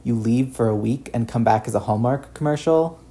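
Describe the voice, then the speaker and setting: A man's voice: medium pitch, moderate pace, mellow, natural voice. A man doing a sarcastic wisecracking archer. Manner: dry sarcastic quips.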